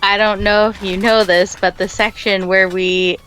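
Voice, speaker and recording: A woman's voice: medium pitch, flat delivery, moderate pace, a bit bright, slight background noise, rough recording. A woman co-hosting a game let's play, answering with dry, casual remarks. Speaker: co-host. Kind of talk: casual gameplay chat.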